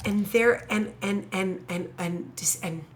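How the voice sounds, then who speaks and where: A woman's voice: mid-range voice, slow, a little hiss or hum. Woman, teacher, thinking aloud, hesitant, self-correcting, faint keyboard typing. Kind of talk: thinking aloud while writing an essay paragraph.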